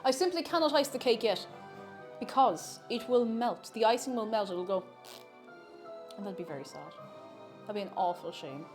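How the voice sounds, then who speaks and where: A woman's voice: mid-range voice, lively intonation, moderate pace, long pauses, faint music behind. A young woman streaming from her home kitchen, chatting playfully and casually while she bakes. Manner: chatty and playful, coos in baby talk to a cat. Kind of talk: casual livestream chat while baking.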